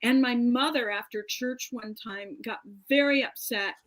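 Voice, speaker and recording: A woman's voice: on the high side, a little slow, fairly bright tone, poor audio. A woman comedian chatting casually as a guest, telling stories with frequent restarts. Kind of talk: casual joke workshop chat.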